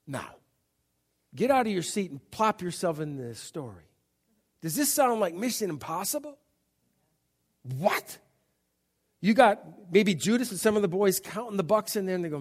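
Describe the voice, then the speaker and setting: A middle-aged man with a notably high voice preaches to his congregation. He talks in an easygoing, conversational way and slips into quick character voices to act out the story. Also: expressive, a little mellow. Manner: conversational, acts out Bible scenes in voices. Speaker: pastor. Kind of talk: sermon.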